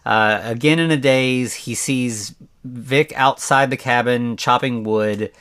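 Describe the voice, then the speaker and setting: A man's voice: mid-range voice, slow pace, a bit bright, smooth. A man hosting a podcast alone, recapping a film in a rambling, conversational way, with lots of "like" and restarts. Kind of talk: casual solo movie recap.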